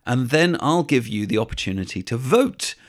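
A man hosting a podcast, presenting scripted narration in a measured, even-handed way. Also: medium pitch. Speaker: podcast host.

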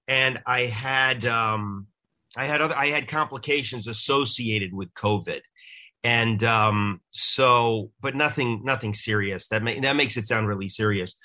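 A middle-aged man hosts a radio talk show, his voice bright and sharp-edged. He sounds congested, as if he has a cold. He rambles in a casual, jokey way and pokes fun at himself. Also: medium pitch, measured pace. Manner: jokey, rambling, self-deprecating. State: stuffed up, congested.

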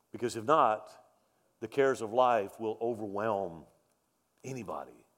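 A man preaching a sermon as pastor, emphatic, repeating key lines and asking rhetorical questions. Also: on the low side. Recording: long reverb of a large hall.

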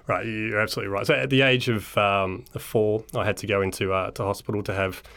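A man's voice: fairly low pitch, steady tone, a little fast, vocal fry, fairly bright tone. An Australian man from Melbourne, a guest in an interview, telling his story in an easygoing, reflective way and laughing often. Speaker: guest, charity founder.

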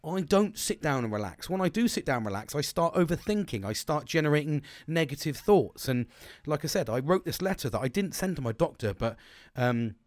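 A man's voice: fairly high pitch, big pitch swings, a little fast, no echo. A middle-aged man hosting a candid solo podcast, talking frankly with lots of swearing and restarts. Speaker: podcast host.

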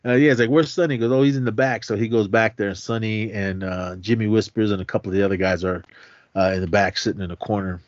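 A man's voice: on the low side, steady tone, fast talker, dry recording, muffled recording. A male podcast co-host casually recapping a movie in a rambling way, with lots of fillers, acting out the dialogue as he goes. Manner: rambling retelling full of fillers and acted-out dialogue.

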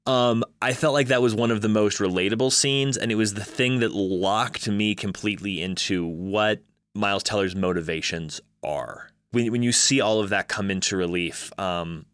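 A man's voice: fairly low pitch, a bit bright, no echo. A man co-hosting a casual film discussion, thoughtful and working through ideas step by step. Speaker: film podcast co-host.

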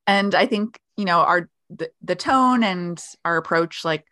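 A woman's voice: fairly low pitch, a little slow, pushed and bright, dry recording, clean studio sound. A woman co-hosting a casual podcast, chatty with frequent fillers. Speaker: podcast co-host.

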